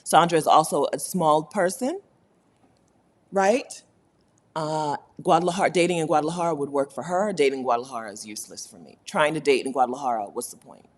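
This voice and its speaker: A woman's voice: low-pitched, fairly quick. A woman hosting a casual livestream chat, talking candidly and laughing often. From United States. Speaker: host.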